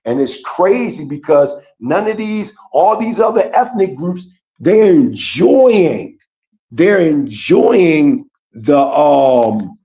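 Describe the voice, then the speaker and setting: Male guest, casual livestream talk, mellow tone, slightly high, earnest and rambling. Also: sing-song, slow, dull audio. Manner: earnest, rambling, searching for words.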